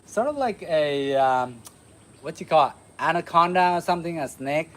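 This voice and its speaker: Male martial arts instructor, Vietnamese accent, slightly high voice, demonstrating strikes with faint background noise. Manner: demonstrating moves, counting, shouting "boom". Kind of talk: live martial arts lesson.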